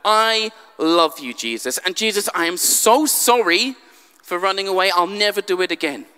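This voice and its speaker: A man's voice: high-pitched, animated, normal speed, pushed and bright, smooth, long reverb tail. A man voicing a remorseful, eager apostle who pleads and repeats himself.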